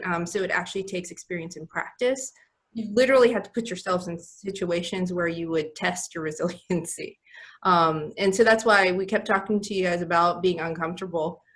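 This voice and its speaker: A woman, a healthcare leader on a panel, speaking directly and reflectively over a video call. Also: lowish voice.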